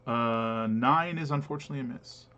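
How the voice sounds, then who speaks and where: A man running an online tabletop game as game master, pausing often with fillers as he explains the rules. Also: medium pitch, muffled recording, heavy background noise. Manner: hesitant, many filler pauses while explaining rules.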